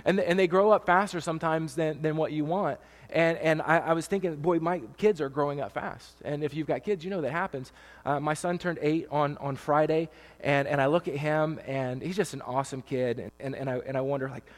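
A man's voice: fairly high pitch, long reverb tail. A man in his thirties, a pastor preaching a conversational sermon, emotional, with many fillers and restarts. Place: church stage with long reverb.

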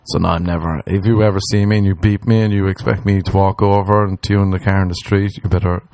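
Brief: male comic host, rambling and profane, lowish voice, dry close mic. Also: flat delivery, fast talker, creaky, a little mellow, no room sound. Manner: rambling, profane storytelling that slips into mock voices. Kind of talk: comedic monologue.

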